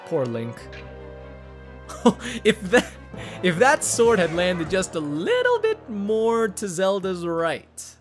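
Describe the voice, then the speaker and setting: A man casually commenting over a video game playthrough, chatty and joking with quick asides. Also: sits high, huge pitch swings, soft background music. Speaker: gaming YouTuber. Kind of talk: let's play commentary.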